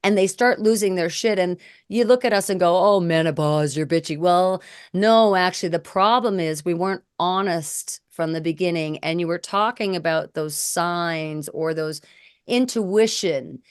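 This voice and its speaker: A middle-aged woman co-hosting a candid conversation, blunt and animated as she tells stories. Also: fairly low pitch, unhurried, clear, resonant tone, no room sound, clean studio sound. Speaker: co-host.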